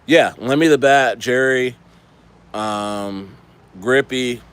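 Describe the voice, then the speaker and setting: A man's voice: mid-range voice, slow pace, a bit bright, clean tone. A man streaming about crypto in a casual, rambling and profane way, often repeating himself. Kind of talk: casual ranting chat.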